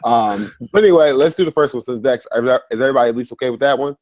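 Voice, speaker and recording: A young man co-hosting a casual chat show, talking with a voice roughened by illness, animated and quick to laugh. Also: medium pitch, dry recording, clean studio sound. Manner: animated, laughs often, reads listener letters aloud. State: sick, rough voice. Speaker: podcast co-host.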